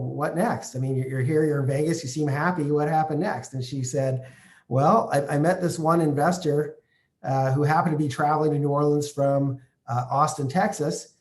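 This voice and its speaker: A real estate investor from Canada, telling a personal story to camera in a halting way, full of fillers and restarts. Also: male voice, a little high, a little mellow.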